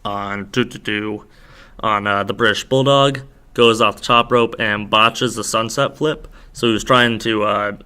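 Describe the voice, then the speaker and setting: A man's voice: on the low side, fairly even intonation, unhurried, pushed and bright, clear, resonant tone. A young man hosting a podcast, rambling through a wrestling recap with lots of fillers, tired and slurring a little. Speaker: podcast host. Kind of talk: casual solo recap.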